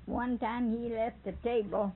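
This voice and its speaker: Older woman, folksy storyteller, high-ish and gravelly; tinny lo-fi tape. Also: fairly even intonation, a little slow. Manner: chuckling, rambling storyteller with dialect speech. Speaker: interviewee. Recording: tinny phone-like recording with faint hiss.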